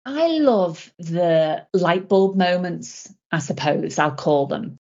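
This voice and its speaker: A middle-aged woman, a leadership coach, answering interview questions as an animated storyteller who acts out conversations. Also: lowish voice, slow pace. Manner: animated storyteller, acting out dialogue. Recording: dull lo-fi podcast audio.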